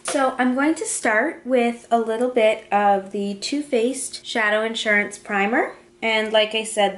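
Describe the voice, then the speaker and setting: A woman casually talking through a makeup tutorial, describing each step as she applies it. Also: medium pitch. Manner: chatty, talks through each step while applying makeup. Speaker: beauty vlogger. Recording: echoey room.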